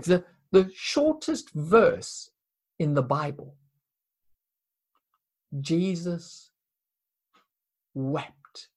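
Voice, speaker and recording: A woman preaching a sermon in an earnest, emphatic way, with dramatic pauses and repeated words. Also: on the low side, darkish tone.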